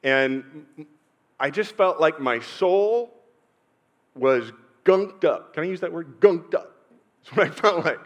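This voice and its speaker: A middle-aged male pastor with a voice pitched a little above the usual for a man, preaching a sermon. He tells personal stories unhurriedly, pausing often, then swelling in loudness to drive a point home. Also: expressive, lo-fi sound. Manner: personal storytelling with pauses and sudden swells in loudness.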